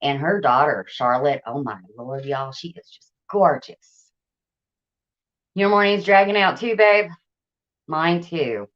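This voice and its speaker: A woman with a low voice speaks slowly while hosting a casual livestream from home. Recorded on a tablet with muffled sound, she chats, welcomes viewers by name, and laughs often.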